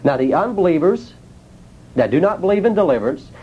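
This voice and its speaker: A man's voice: high-pitched, big pitch swings, brisk, husky, highs cut off. A man teaching a sermon in a plain, folksy way, asking his listeners rhetorical questions. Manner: nonstandard grammar, folksy speech. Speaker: preacher.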